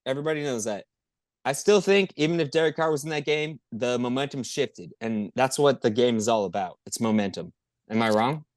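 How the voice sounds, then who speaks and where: Excitable, profane sports podcaster. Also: male voice, medium pitch, fairly quick, dry recording, clean studio sound. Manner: excitable, profane, rambling storyteller. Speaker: podcast co-host. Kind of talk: casual sports chat.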